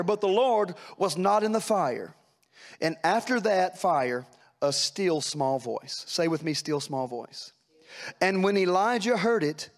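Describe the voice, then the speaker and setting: Male preacher, high voice, dramatic sermon delivery that drops to a hush and climbs to urgent peaks. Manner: dramatic preaching, swinging from hushed lows to loud urgent peaks; retells scripture scenes with voiced characters.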